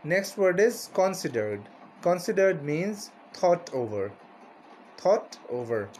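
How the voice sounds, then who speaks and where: A man's voice: high voice, sing-song, slow pace, darkish tone, slight background noise. A man teaching a vocabulary lesson, repeating each word and its meaning and often asking "right?".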